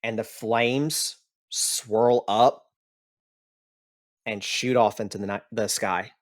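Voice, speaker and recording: Slow-talking male game master. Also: fairly low pitch, fairly even intonation. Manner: slow, rambling narration with restarts. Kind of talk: narrating a tabletop game.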